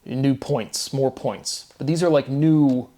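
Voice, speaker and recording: A man's voice: mid-range voice, fairly even intonation, slow pace, mellow. A man talking off the cuff in a monologue video, rambling and grandiose, restarting sentences and tagging them with "right?". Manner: grandiose, bursts of short laughter. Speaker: video creator. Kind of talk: unscripted monologue on math theory.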